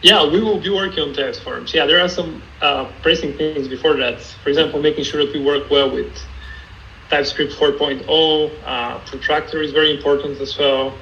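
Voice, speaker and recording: A man calmly answering technical questions as a guest in an online Q&A, explaining step by step. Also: on the high side, normal speed, creaky, highs cut off, a little hiss or hum. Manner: calm, explanatory, some restarts. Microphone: video call.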